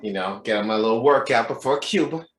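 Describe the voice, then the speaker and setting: A man's voice: mid-range voice, expressive, a little fast. A man co-hosting a casual podcast, telling stories animatedly and swearing freely. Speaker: podcast co-host. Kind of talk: casual chat, storytelling. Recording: echoey room.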